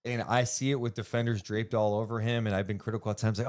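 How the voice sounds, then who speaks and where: Man, basketball podcast co-host, casual chat, animated, lowish pitch. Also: quick pace. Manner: animated, swings up when excited, swears casually.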